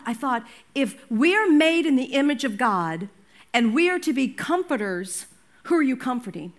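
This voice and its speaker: An older woman pastor preaching a sermon in a lively, conversational way, breaking into personal stories and asides. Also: sits high.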